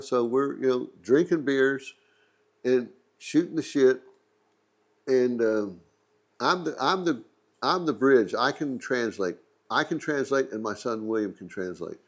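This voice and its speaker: A middle-aged man with a Texan accent, casually telling a rambling, joking travel anecdote as the host of a museum channel. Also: medium pitch. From Texas. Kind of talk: casual storytelling.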